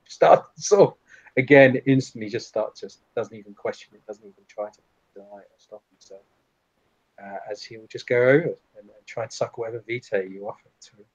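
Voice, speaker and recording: Male game master, rambling narration, husky, lo-fi sound. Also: medium pitch, fairly quick, no room sound. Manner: rambling, with many restarts.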